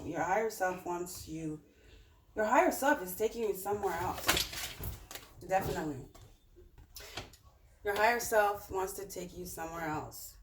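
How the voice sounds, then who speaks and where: A woman's voice: mid-range voice, darkish tone, far from the mic. A woman talks her way through a tarot spread in a loose, rambling way, full of fillers and restarts. She sits a little away from the microphone, so her voice sounds roomy. A faint noise stays underneath. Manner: chatty, rambling, with many fillers. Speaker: tarot reader. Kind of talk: casual tarot reading.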